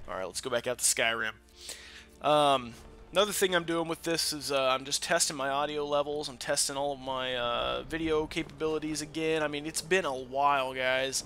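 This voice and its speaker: A man hosting a let's play with casual, crude commentary, swinging between loud excitement and quiet asides. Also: on the high side, moderate pace, soft background music. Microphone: desk microphone that peaks. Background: game audio.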